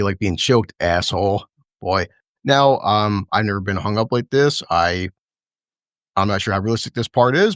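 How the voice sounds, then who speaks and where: Excitable profane man recapping a fight. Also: on the low side, no room sound, clean studio sound. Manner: excited, profane, laughing play-by-play. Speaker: show host. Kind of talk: casual recap chat.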